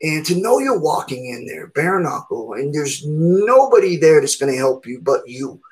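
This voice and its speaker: A middle-aged man, a fighter, telling a story in a casual, animated way, acting out other people's voices and punching out sound effects. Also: on the high side, normal speed, rough recording.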